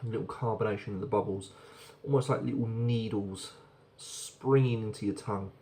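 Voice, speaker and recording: A man's voice: fairly low pitch, steady tone, moderate pace, warm tone, a little hiss or hum. A man casually reviewing a beer on camera, chatty and rambling, often repeating words as he goes.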